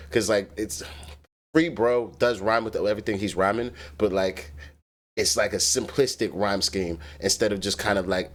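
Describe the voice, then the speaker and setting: A man hosting a reaction video, giving casual, analytical commentary in a loose way with lots of fillers. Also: lowish voice. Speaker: reaction host.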